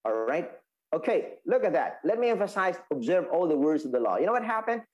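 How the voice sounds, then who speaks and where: A man teaching a Sabbath school Bible lesson, explaining slowly with many restarts and fillers. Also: fairly high pitch, very animated, highs cut off. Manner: explaining, repeats and restates points, halting with fillers.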